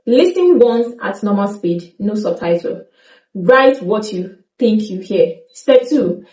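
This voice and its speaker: A woman's voice: mid-range voice, warm tone. Woman teaching in a roomy, distant recording. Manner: slow, deliberate demonstration of example phrases. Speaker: language teacher. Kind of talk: scripted lesson narration.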